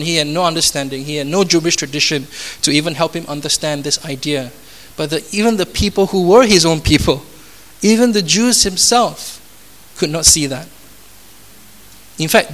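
A man's voice: a little high, pushed and bright. A man preaching a sermon. He speaks emphatically, repeats phrases and asks the congregation rhetorical questions. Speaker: pastor.

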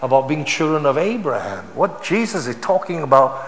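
A middle-aged man with a Malaysian English accent, preaching a sermon as pastor, stressing phrases by repeating them and moving between loud and hushed delivery. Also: on the high side, big pitch swings, fairly quick. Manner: emphatic preaching, repeating key phrases and swinging from loud to soft. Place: large church hall. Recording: echoey church hall with long reverb.

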